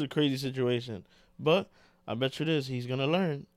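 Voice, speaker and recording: An animated man co-hosting a casual podcast, full of slang and saying "bro" often. His voice sits at a middle pitch. The sound is dry and close. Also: moderate pace, no room sound. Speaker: podcast co-host.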